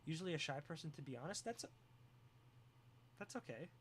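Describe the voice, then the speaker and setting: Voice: medium pitch, expressive, brisk, background noise. A live streamer chatting casually with viewers, joking, teasing and often breaking into laughter.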